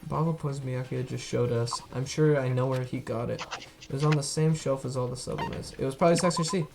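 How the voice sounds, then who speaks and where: A man's voice: mid-range voice, steady tone, brisk, vocal fry. A young man streams a video game, talking casually between frequent indignant outbursts and swearing. Faint game music runs underneath. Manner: reactive, outraged bursts, swearing. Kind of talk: gaming livestream commentary.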